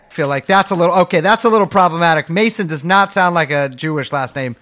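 A man's voice: a little high, fast talker, hardly any pauses, fairly bright tone. A man co-hosting a podcast, talking in a profane, sardonic, rambling way with lots of fillers. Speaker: podcast co-host. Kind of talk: casual chat.

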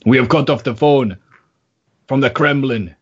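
Guy doing a cheesy fake russian bad guy voice, slow and over the top, muffled sound. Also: medium pitch, breathy edge, voice pushed up. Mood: menacing. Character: gruff man faking a heavy Russian accent.

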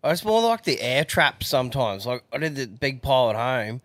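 A man with an Australian accent co-hosting a casual podcast, joking and lively. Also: medium pitch, normal speed, dry recording. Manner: lively, joking, laughs often. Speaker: podcast co-host. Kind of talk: casual chat.

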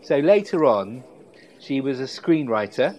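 A man's voice: mid-range voice, measured pace, slight background noise, low-quality recording. Man telling stories in casual podcast chat. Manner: relaxed storytelling, savoring quotes. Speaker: podcast co-host.

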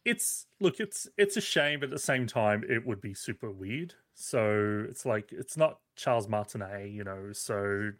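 A man co-hosting a gaming podcast, chatting casually with quick jokes and asides. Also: on the low side, dry recording, studio quality. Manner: animated, joking, quick asides. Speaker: podcast co-host. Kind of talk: casual gaming news chat.

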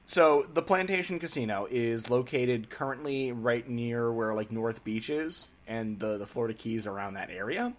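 A man's voice: medium pitch, normal speed, hardly any pauses. A man in his twenties, a podcast host casually telling a history story in an irreverent, profane, joking way.

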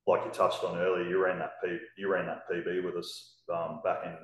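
Deep flat-voiced man, echoey room. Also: a little fast. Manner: hesitant, lots of ums, matter-of-fact. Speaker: podcast guest. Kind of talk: casual chat.

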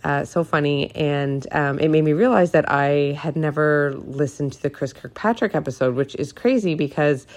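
A woman's voice: moderate pace, few pauses, darkish tone. A woman of around forty from Halifax, leaving a rambling, gushing voicemail. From Halifax, Nova Scotia, Canada. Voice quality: deep baritone. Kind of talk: voicemail message.

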